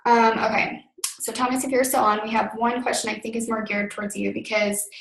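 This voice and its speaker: Woman host, relaxed hand-offs, monotone, echoey recording. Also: on the high side, a little fast, gravelly. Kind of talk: hosting a call.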